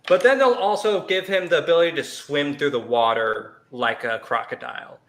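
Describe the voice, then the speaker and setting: A man's voice: mid-range voice, sharp tone. A man from Southeast Missouri co-hosting a podcast, explaining at length in a laid-back, chatty way. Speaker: podcast co-host. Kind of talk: casual chat.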